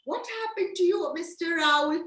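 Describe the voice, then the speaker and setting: A woman's voice: very high-pitched, moderate pace, fairly bright tone, echoey room, pitched above the performer's own voice, rough recording. A woman voicing a kind woman vet in a storybook tale, cooing and fussing over her animal patients. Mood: fussing, soothing.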